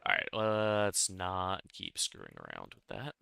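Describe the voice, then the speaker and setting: A man's voice: sits low, wildly swooping pitch, unhurried, vocal fry, pushed and bright, smooth, dry recording. A young man chatting casually while he builds in a game, rambling and self-deprecating, often chuckling at himself. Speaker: Minecraft building creator. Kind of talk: casual gameplay commentary.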